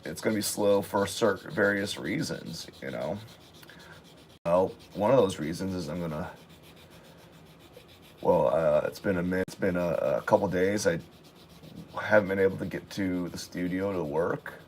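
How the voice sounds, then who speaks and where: A man under the weather, his voice raspy and pitched a little low. He talks in a loose, halting ramble full of ums and restarts, chatting casually as he gets ready to draw. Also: a little hiss or hum. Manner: rambling, halting, with many fillers. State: sick, raspy voice. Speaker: art vlogger. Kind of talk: casual chat while drawing.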